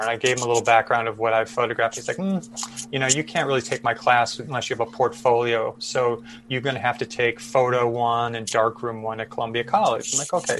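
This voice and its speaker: Man in his fifties, mid-pitched, loose rambling storyteller on a podcast. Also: a bit bright. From Chicago, USA. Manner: rambling with many fillers and restarts. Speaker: podcast guest photojournalist. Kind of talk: casual storytelling interview.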